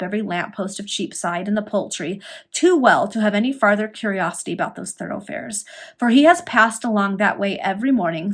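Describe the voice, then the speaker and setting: A woman reading a Victorian serial novel aloud, storytelling with lively emphasis. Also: medium pitch. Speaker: reader.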